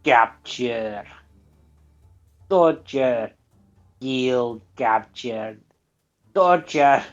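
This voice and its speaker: A hushed, menacing mob thug with a thick put-on Russian accent, as a man does the voice during a game stream. He drags every word out slowly and quietly, and the stream audio sounds a little dull and muffled. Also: animated, faint music behind. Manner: slow, low, threatening delivery.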